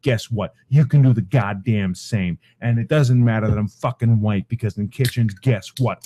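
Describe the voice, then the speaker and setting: Furious ranting man, dark voice. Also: medium pitch. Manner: profane, furious, shouting rant. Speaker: podcast host. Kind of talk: angry ranting commentary.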